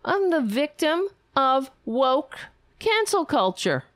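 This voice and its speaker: Lady putting on a whiny politician man crying victim, high and mock-innocent, slow. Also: very animated, no room sound, clean studio sound, exaggerated voice. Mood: indignant. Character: whiny self-pitying male politician playing the victim.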